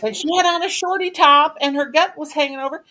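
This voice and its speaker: A woman's voice: high-pitched, brisk, sharp tone. Middle-aged lady on a craft livestream, blunt and earthy, chatty. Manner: folksy storyteller, earthy and blunt. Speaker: craft stream host. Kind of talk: casual chat on a live stream.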